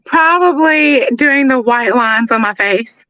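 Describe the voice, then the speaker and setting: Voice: medium pitch, expressive, slow pace, sharp tone, no room sound, dull audio. A drag performer guest, laid-back and hesitant, repeating words. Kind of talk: casual chat.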